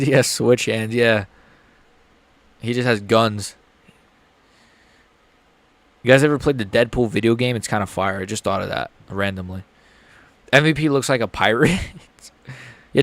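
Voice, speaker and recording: A young man streaming a live fight reaction, excitable, joking and profane. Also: medium pitch, no echo.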